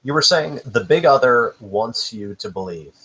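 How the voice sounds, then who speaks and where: A man reading tarot cards for friends on a video call, explaining each card in a measured way. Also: medium pitch, lively intonation, a bit bright, husky, highs cut off. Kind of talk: casual group video call chat.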